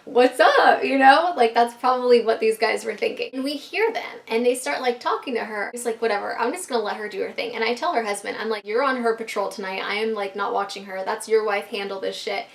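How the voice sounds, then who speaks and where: A woman vlogger with a fairly high voice tells a wild story straight to her viewers. She talks casually, packs her lines with fillers and the odd swear, and stays animated throughout.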